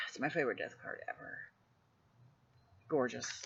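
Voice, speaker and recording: A woman gushing over her tarot cards in a casual vlog, her bright, sharp voice carrying a gravelly fry. She piles on effusive praise and now and then drops to a hush. The recording sounds a little dull and lo-fi. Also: a bass voice, wildly swooping pitch, a little fast, long pauses. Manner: drops to a hushed voice at times. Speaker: tarot deck reviewer. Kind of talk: casual show-and-tell vlog.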